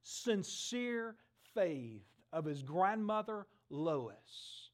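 A middle-aged man preaching a sermon, telling stories with lively acted-out voices. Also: high-pitched, very slow. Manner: animated storytelling, acts out voices in the stories. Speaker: pastor.

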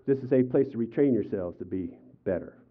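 An older man preaching a sermon as pastor, telling personal stories with animated, acted-out quotes. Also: mid-range voice, fast talker. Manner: animated storytelling, acts out quotes with raised voice. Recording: tinny phone-like sound.

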